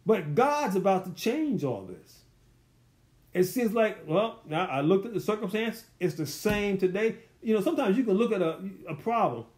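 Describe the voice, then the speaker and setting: Man, Bible study teacher, high voice, conversational, rhetorical questions, colloquial. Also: very animated, moderate pace, a little mellow. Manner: loose, colloquial phrasing.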